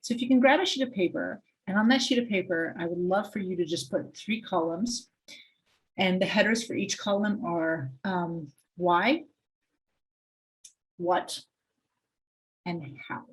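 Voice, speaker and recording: A woman's voice: fairly low pitch, unhurried, pauses often, low-quality recording. A woman psychologist leading a workshop, talking directly to participants and coaching them. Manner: direct, coaching, asks the audience questions. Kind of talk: interactive workshop teaching.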